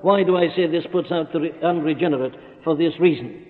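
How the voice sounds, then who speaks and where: A man's voice: on the high side, brisk. A man preaching an expository sermon, emphatic and reasoning aloud with rhetorical questions. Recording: tinny lo-fi recording with long hall reverb.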